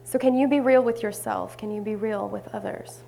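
A woman minister giving a sermon, telling a story with warmth and occasionally dropping to hushed asides. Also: medium pitch, steady tone, brisk, gravelly, a little hiss or hum.

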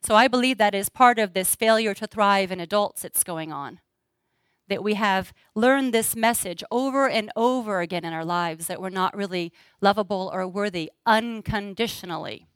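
A woman's voice: medium pitch, normal speed, clean tone, no room sound. A middle-aged woman speaking earnestly to an audience, sharing personal stories and acting out dialogue. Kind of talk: talk to a live audience.

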